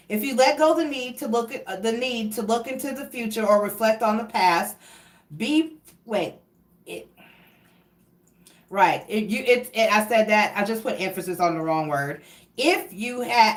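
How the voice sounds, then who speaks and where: A woman's voice: medium pitch, animated, normal speed, echoey room, distant mic. A woman giving a casual tarot reading, chatting freely and reading card meanings aloud, with restarts. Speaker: tarot reader.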